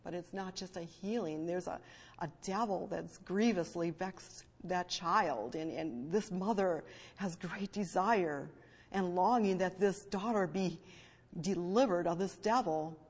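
A woman preaching a sermon and reading scripture, emphatic, moving between hushed and loud fervent stress. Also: on the low side, measured pace, slightly rough. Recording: long hall reverb.

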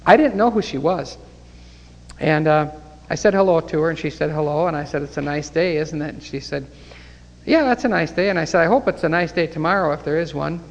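A man with a slightly high, brisk voice and vocal fry preaches a Bible study sermon and leads a closing prayer, recorded with a big-room sound and the highs cut off. He is fervent, rising into exclamations of praise.

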